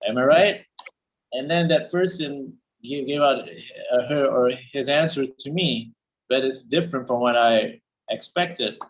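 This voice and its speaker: Halting male student on a lo-fi call. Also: mid-range voice. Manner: halting, searches for words, many restarts. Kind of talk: speaking practice in an online class.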